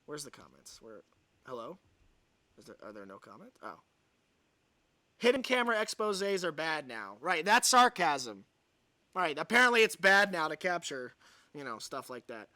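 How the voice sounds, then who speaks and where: A man's voice: fairly high pitch, sing-song, normal speed, pauses often, pushed and bright, dry recording. A man hosting a livestream, ranting sarcastically and reading an article aloud with sighs of exasperation. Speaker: livestream host.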